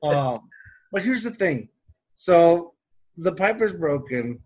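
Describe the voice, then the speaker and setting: A man telling a story in casual chat, animated and acting out the people he quotes. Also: a little high, slow, breathy edge. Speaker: storyteller in a conversation.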